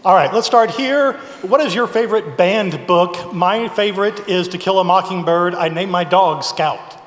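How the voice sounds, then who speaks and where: A man moderating an audience Q&A in a brisk, upbeat manner. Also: high-pitched, a bit bright. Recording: echoey hall.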